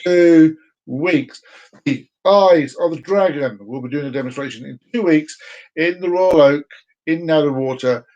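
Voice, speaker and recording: A man's voice: fairly high pitch, a little slow, a little mellow, muffled recording. A man talking casually to camera on a live stream, rambling and repeating himself, sometimes slipping into silly voices. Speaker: vlogger doing a live stream.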